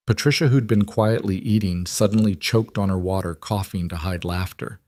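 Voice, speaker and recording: Guy narrating a family story, lowish voice, dry close sound, unhurried. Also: darkish tone, dry recording.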